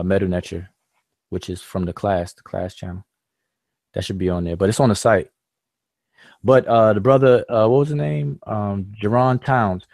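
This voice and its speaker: A man with a low, slightly mellow voice, recorded dry, hosts a live-stream discussion. He explains his points patiently and at length, with loose fillers and restarts.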